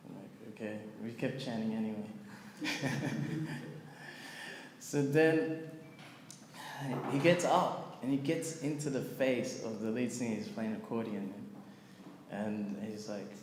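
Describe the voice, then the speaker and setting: A man casually telling a story at a scripture class. He is animated, fills his talk with "like" and "you know", and acts out the people in his story. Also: mid-range voice, takes it slowly, long pauses. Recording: echoey hall with long reverb and faint ambient noise.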